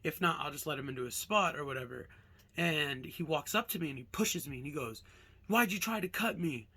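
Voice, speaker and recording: A man's voice: a little high, a little fast, husky. Rambling young man telling a story. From Alaska. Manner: rambling, animated, with lots of fillers and swearing. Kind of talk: casual storytime vlog. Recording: music playing behind.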